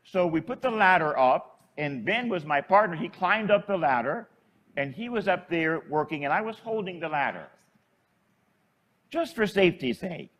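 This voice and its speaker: A man, a Catholic priest, delivering a homily as an animated storyteller who chuckles as he goes. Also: sits high, normal speed.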